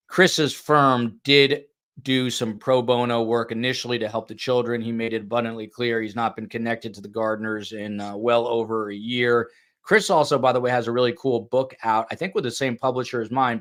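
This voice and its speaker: A man's voice: medium pitch, fairly even intonation, normal speed, fairly bright tone. A man hosting a true crime podcast, chatting casually, joking about himself and reading out viewer comments. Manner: chatty, self-deprecating, reads viewer comments. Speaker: podcast host.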